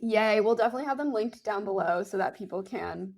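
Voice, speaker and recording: A woman's voice: mid-range voice, a little fast, a little mellow. A woman hosting a podcast interview, chatty and full of exclamations. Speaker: podcast host.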